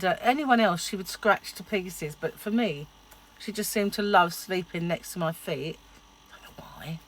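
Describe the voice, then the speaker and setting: A middle-aged woman chatting casually to her vlog audience. She tells rambling stories and laughs often. Her pitch swings up and down a great deal. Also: slight background noise. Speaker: diet vlogger. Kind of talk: casual chat.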